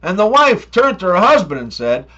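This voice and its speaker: Lively high-voiced man telling jokes. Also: moderate pace, lo-fi sound. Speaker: comedy joke teller. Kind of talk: scripted joke monologue.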